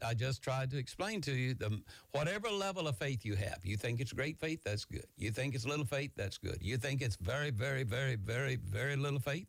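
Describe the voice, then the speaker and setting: Man, pastor, fast excited folksy preaching, mid-pitched voice, dry close sound. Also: creaky, no echo. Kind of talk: Bible teaching sermon.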